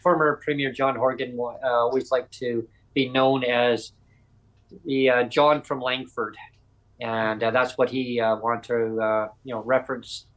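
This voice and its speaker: Male podcast host from Canada; casual, halting talker who restarts often. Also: mid-range voice, fairly even intonation, a bit bright, poor audio. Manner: halting, many fillers and restarts.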